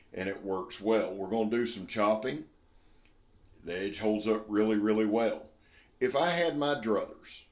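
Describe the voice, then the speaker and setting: A plainspoken man talks through a knife review in a fairly low voice, candid and down-to-earth. His voice rings a little, as if caught in an echoey space. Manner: folksy, blunt and candid. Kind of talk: casual product review.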